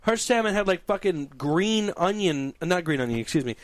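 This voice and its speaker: Male podcast co-host, expressive pitch, dry studio sound, swears freely, leads the talk. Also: normal speed, dry recording. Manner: animated, profane, drives the conversation. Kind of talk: casual chat.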